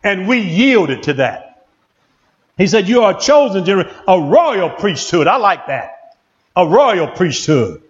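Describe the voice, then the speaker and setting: A male pastor preaching a sermon in an excitable call-and-response manner, in a church. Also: high voice, measured pace, lo-fi sound.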